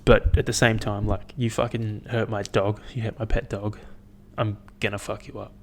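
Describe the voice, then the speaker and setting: A podcast host with a low voice rants casually on a solo show at a moderate pace, rambling, swearing, and telling stories in an animated way.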